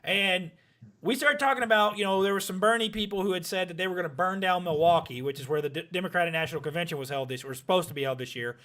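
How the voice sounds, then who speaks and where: Guy on a podcast, higher voice, tells stories loud and animated, laughs a lot. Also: fast. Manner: animated storyteller, laughs and shouts at punchlines. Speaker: podcast co-host. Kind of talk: casual chat.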